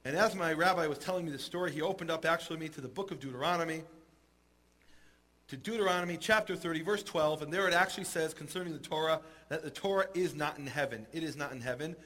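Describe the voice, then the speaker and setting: A man telling a Talmud story in a lively, humorous way and acting out the characters. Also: fairly high pitch, fast talker. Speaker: teacher retelling a Talmud story. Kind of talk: animated storytelling talk.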